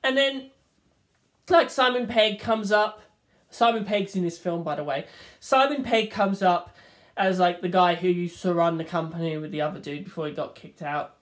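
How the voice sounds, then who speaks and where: A woman's voice: fairly low pitch, moderate pace. A woman reviewing a film in a rambling, casual monologue, swearing freely and acting out the scenes.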